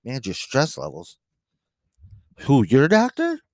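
A man co-hosting a casual sports podcast, ranting with animated outbursts. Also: mid-range voice, measured pace, no echo, studio quality. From Detroit area. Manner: animated, ranting, bursts into shouting. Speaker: podcast co-host.

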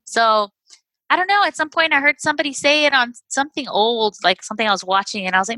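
A woman's voice: a little high, fast talker, no room sound. A woman co-hosting a podcast, chatting casually and laughing often as she tells stories. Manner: laughs often, animated storytelling. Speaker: podcast co-host. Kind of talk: casual chat.

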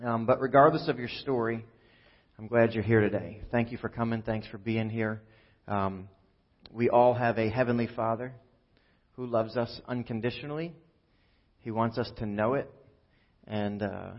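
In a big, echoey church hall, a pastor with a medium-pitched voice gives a relaxed sermon full of jokes, fillers and asides. His delivery is conversational, though the recording itself sounds muffled and dull.

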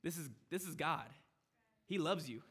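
A young man preaching a sermon, animated and conversational, swinging between loud emphasis and hushed asides as he acts out the voices in the story. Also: a little high, moderate pace, slightly rough.

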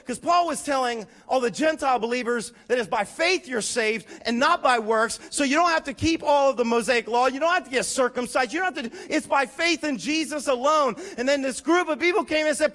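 A pastor giving a lively, conversational sermon with emphatic points and humorous asides. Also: male voice, very high-pitched, brisk, few pauses.

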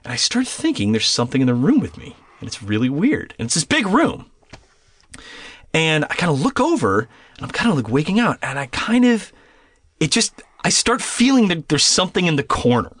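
A man's voice: on the high side, huge pitch swings, fairly quick, fairly bright tone, no echo. A man in casual storytelling mode, his voice climbing and dropping all over as he talks. He swears freely and keeps restarting phrases. The sound is dry and close, with little room around it. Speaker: podcast guest.

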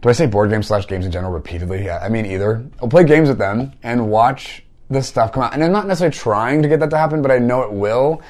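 A man's voice: mid-range voice, fast talker, hardly any pauses, a little mellow. A man mentoring listeners in a casual teaching talk, conversational, often tagging thoughts with "like" and "right?". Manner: conversational, frequent "like" and "right?" tags.

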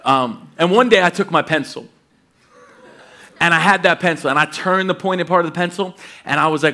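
A middle-aged pastor preaching, reading scripture and telling lively personal stories, acting out voices and laughing as he goes. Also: fairly high pitch, normal speed. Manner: animated storytelling, acts out voices, laughs often.

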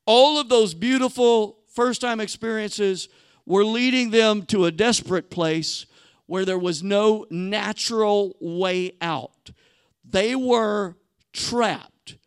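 A male pastor delivering a sermon in an animated, conversational storytelling style, often restarting his sentences. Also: high voice, clean tone, no echo, studio quality.

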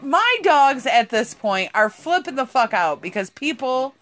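A woman's voice: high-pitched, very animated, a little slow, fairly bright tone. A woman, telling a rambling story in casual chat, swearing constantly and laughing often. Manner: profane, rambling, laughs a lot.

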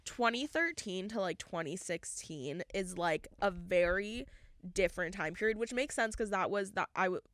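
A woman's voice: medium pitch, expressive, moderate pace, a bit bright, dry recording. Woman, 20s, casual podcast co-host, laid-back and rambling between hits, dry close sound. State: smoking while talking. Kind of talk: casual chat.

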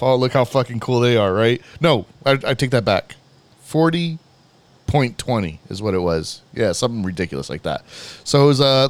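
A young man hosting a podcast, telling a rambling story about his day with lots of swearing and animated retelling. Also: mid-range voice, moderate pace, no room sound. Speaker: podcast host. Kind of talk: casual storytelling chat.

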